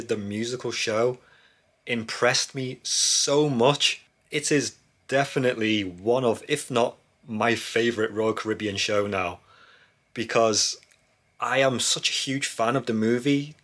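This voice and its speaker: A man's voice: medium pitch, unhurried. A man talking casually and enthusiastically as a travel vlogger, chatting to the camera. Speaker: cruise vlogger. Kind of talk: casual vlog narration. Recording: loud music behind the voice.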